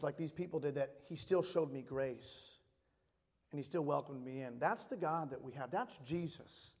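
High-voiced man preaching in a reverberant hall. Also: a little mellow. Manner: casual, storytelling, repeats phrases for emphasis. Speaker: pastor. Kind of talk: conversational sermon.

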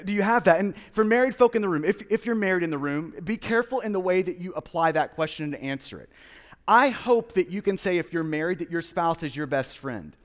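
A pastor in his thirties, earnest and animated, preaches a sermon in a high voice at a slightly quick pace. He keeps repeating words and starting sentences over. A long reverb trails his voice, suggesting a large church hall.

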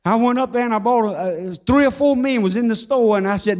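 An older man preaching with a strikingly high voice. He tells his testimony in a folksy, humorous way and slows to a fervent crawl on the words he wants to land. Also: a little mellow. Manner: fervent, slows down on key phrases. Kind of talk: sermon with personal testimony.

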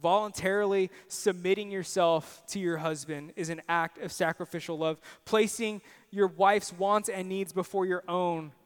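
A man's voice: sits high, steady tone, normal speed, hardly any pauses, smooth, long reverb tail. A young man preaching a sermon, earnest and personal, telling stories on himself with self-deprecating asides. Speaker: pastor.

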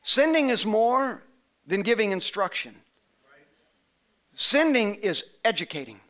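A man preaching a sermon to a congregation, emphatic and rising to shouts on key phrases, leading call-and-response. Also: high-pitched, big pitch swings, slow pace. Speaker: pastor. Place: church sanctuary.

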